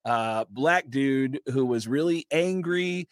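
Man telling a lively story. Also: medium pitch, slow pace, no room sound, studio quality. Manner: lively, acts out voices, lots of fillers. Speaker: comedian guest. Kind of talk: casual storytelling. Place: podcast studio.

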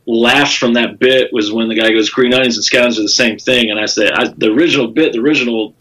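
A man's voice: medium pitch, fairly even intonation, fast, fairly bright tone, low-quality recording. A man with a Southern US accent, a comedian telling stories in a casual podcast chat, rambling with lots of fillers and cursing. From South Carolina. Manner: rambling storytelling with frequent fillers and profanity. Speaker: comedian guest.

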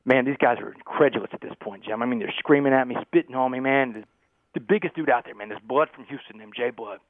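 A man telling a gripping personal story as a podcast guest, animated and peppering his talk with "man". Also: medium pitch, no room sound. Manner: fast, animated storyteller, keeps saying "man". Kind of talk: storytelling interview. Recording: tinny phone-like line.

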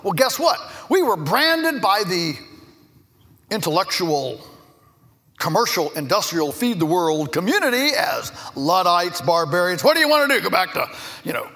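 A middle-aged farmer from Virginia giving a lively conference speech, an animated storyteller who slips in jokey asides. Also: male voice, sits high, normal speed. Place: large conference hall. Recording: echoey hall with long reverb.

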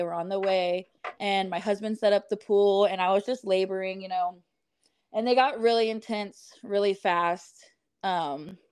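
A woman's voice: medium pitch, a little mellow, clear, resonant tone, dry recording. A woman guest on a podcast, casually telling a story in a chatty way with lots of fillers. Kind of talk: casual chat.

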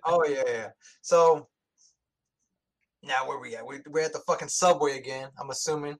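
A man casually and profanely retelling a movie plot in animated chat. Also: medium pitch, normal speed.

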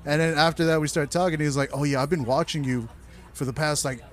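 A man's voice: fairly high pitch, fast talker. A man in casual conversation, telling loose, profane stories about wild nights. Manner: loose, profane, animated anecdotes. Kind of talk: casual chat, storytelling.

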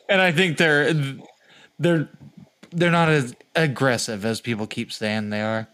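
A man's voice: mid-range voice, fairly even intonation, slow, long pauses, sharp tone, clear, resonant tone. A man co-hosting a casual podcast chat, joking around and swearing freely as he rambles through his points. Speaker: podcast co-host.

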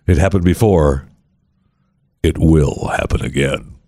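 A man's voice: very deep voice, a little slow, dark tone, dry recording, clean studio sound. A man hosting a talk podcast, rambling and sarcastic as he banters with his co-host. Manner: sarcastic, rambling, mock-pleading. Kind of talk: casual talk show banter.

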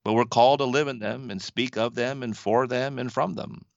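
A man's voice: medium pitch, fairly even intonation, normal speed, vocal fry, no room sound, muffled recording. A man from the western United States, a Buddhist teacher, earnestly telling a story in reflective conversation. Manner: storytelling, earnest, laughs softly.

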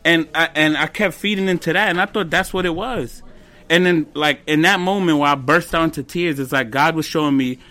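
On a casual podcast, a guest comedian in his twenties talks fairly quickly in a somewhat high voice, spinning lively stories with slang, curse words and scraps of Spanish.

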